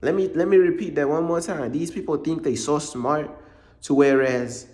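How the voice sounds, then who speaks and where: A man's voice: on the high side, moderate pace, a little mellow. A man preaching in a casual monologue, blunt and repetitive, full of street slang.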